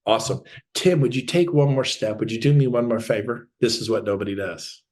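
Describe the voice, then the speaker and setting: A man's voice: mid-range voice, brisk, a little mellow. A man giving a sales training talk as a real estate coach, telling stories with energy and acting out phone calls.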